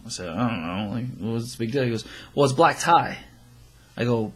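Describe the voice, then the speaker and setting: A young man co-hosting a casual chat show, his voice sitting at an ordinary middle pitch. He tells a long story and swears freely. He acts out his friends' lines as he goes. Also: animated, a little fast, breathy edge. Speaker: podcast co-host.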